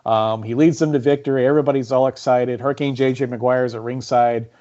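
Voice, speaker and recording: Brief: male guest author, warm mellow tone, chatty storyteller, muffled call audio. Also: medium pitch, a little fast. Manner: animated storyteller, many fillers and repeats. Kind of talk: conversational storytelling on a podcast.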